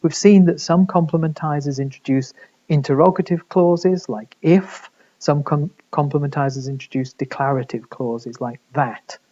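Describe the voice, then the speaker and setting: A man's voice: on the high side, moderate pace, mellow, lo-fi sound. A man giving a recorded university lecture, explaining step by step with frequent fillers and restarts. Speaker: linguistics lecturer.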